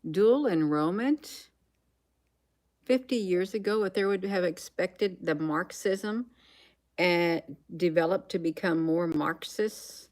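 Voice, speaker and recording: A woman's voice: lowish voice, slow, darkish tone. A woman hosting a casual livestream, reading headlines aloud, musing to herself and trailing off with frequent ums. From United States. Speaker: livestream host.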